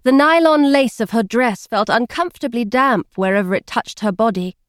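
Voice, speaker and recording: A woman narrating an audiobook with expressive storytelling. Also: fairly high pitch, moderate pace, no echo, studio quality.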